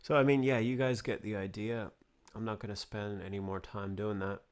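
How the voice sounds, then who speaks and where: A man walks through a casual home studio music production tutorial, recorded on screen, musing aloud and breaking off to restart sentences as he goes. His voice is lowish, steady, and clean.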